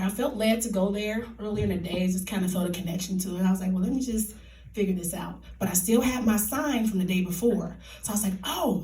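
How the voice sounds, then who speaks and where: A woman telling a comic true story live on a theater stage, animated and laughing, in colloquial speech. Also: mid-range voice. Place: theater stage before an audience. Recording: echoey theater, distant mic.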